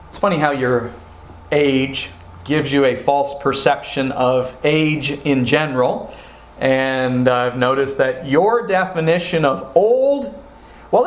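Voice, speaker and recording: A man preaching a sermon as pastor, acting out quoted prayers with rising feeling. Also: a little high. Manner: expressive, acts out quoted prayers with rising emotion. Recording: roomy echo.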